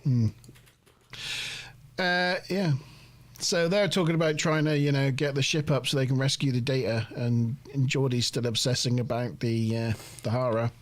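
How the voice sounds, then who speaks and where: A man's voice: mid-range voice, steady tone, moderate pace. A man hosting a casual TV review podcast, recapping an episode in a rambling, self-deprecating way full of fillers. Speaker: host of a TV review show.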